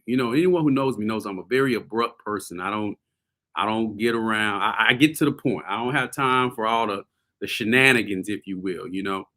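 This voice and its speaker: A man hosting a show, telling a story casually to his viewers, animated and laughing often. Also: fairly low pitch, fairly quick. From US South. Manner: animated, laughing often, addresses audience as y'all. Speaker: host.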